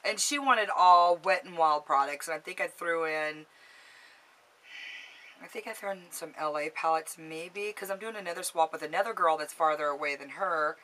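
A woman's voice: deep voice, moderate pace, pushed and bright, low-quality recording. A woman chatting casually to a camera about makeup and gifts, bubbly and gushing. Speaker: beauty vlogger. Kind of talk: casual haul chat to camera.

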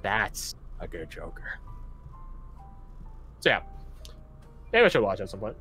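A man's voice: on the low side, measured pace, husky, faint music behind. A young man acting as game master, chatting casually and with lots of energy, laughing between lines. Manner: animated, laughing, lots of fillers. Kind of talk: casual tabletop game chat.

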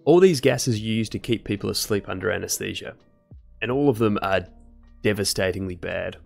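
Young man, casual streamer chat, low gravelly voice, faint guitar music behind. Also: moderate pace. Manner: casual, chatty, laid-back slang. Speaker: medical student streamer. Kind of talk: casual live-stream chat while studying.

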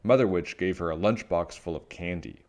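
A man reading a children's picture book aloud with animated storytelling. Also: deep voice, normal speed.

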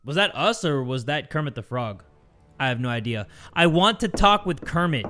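A man hosting horror game commentary, excitable and swearing, jumping between mutters and sudden yelps. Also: fairly high pitch, normal speed, music in the background. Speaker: gaming video host.

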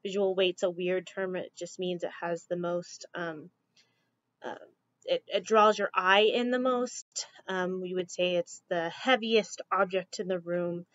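A woman teacher talking through slides in a relaxed, chatty way, with frequent ums. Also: on the low side, measured pace, no room sound. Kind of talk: classroom slideshow lecture. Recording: dull lo-fi dry recording.

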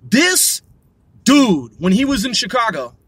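A man's voice: extremely high pitch, sing-song, takes it slowly, a bit bright, husky, no echo. A man delivering a heated, profanity-laden monologue, repeating himself as he builds up steam. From United States. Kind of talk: ranting monologue.

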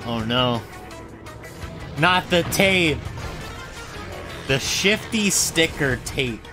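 A man's voice: a little high, animated, very slow, over music. A young man streaming a video game, rambling and joking with stammered restarts. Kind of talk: casual game commentary.

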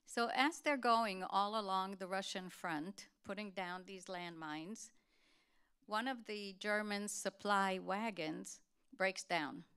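Woman telling a story in a smooth voice. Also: mid-range voice, fairly bright tone. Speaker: guest speaker. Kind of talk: storytelling talk.

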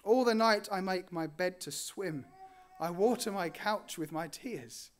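A male preacher with a fairly high voice delivers a sermon in an earnest way. He swells on important words and then sinks to quiet, low endings. His pitch sits above most men's. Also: unhurried. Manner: earnest, rising on key phrases and dropping softly at line ends.

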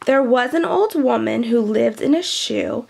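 A children's storyteller with a high voice reads a picture book aloud, going slowly and warmly explaining words along the way. She sounds gentle, chatty, teacherly and animated, with a light gravelly fry. A faint hiss or hum is audible.

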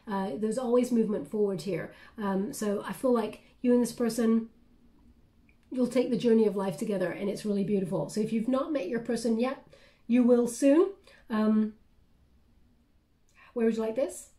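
Woman tarot vlogger, casual and reassuring, warm mellow tone. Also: on the high side, moderate pace, long pauses. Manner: chatty, reassuring, many fillers and "okay?". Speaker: tarot reader. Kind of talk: casual tarot reading vlog.

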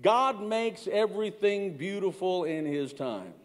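A man's voice: sits high, lively intonation, a little slow, big-room sound. A middle-aged man preaching a sermon as pastor, speaking conversationally, repeating words and calling out to the congregation. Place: church sanctuary.

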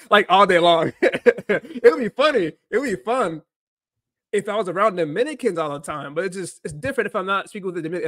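Male livestream host, chatty and rambling, slips into spanish now and then, bit high voice, dry sound. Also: a bit bright, dry recording. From United States. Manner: rambling, repeats himself, mixes in Spanish phrases. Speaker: livestream host, language learner. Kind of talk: casual livestream chat.

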